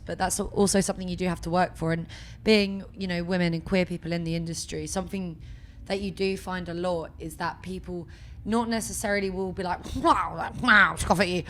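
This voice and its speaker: A young woman, a band member, chatting casually in an interview, animated, swearing and acting out what people said. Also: fairly low pitch, brisk, a little hiss or hum. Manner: animated, swearing, acts out quotes. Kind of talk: casual chat. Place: outdoor music festival.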